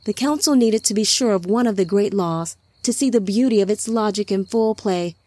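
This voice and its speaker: A woman voicing a calm male divine lord who speaks softly and in measured, reassuring tones. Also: medium pitch, no room sound, natural voice. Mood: gentle.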